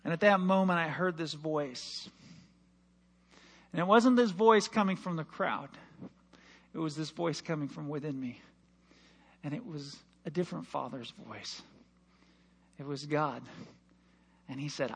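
A man preaching a sermon in church, telling a personal story with passion and dropping from loud to hushed. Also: a little high, unhurried, pauses often, husky. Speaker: pastor.

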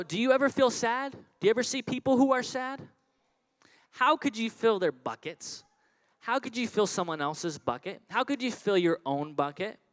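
A man preaching a children's sermon, animated and repetitive, calling out questions for kids to answer. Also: high-pitched, clear, resonant tone, rough recording. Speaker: children's pastor.

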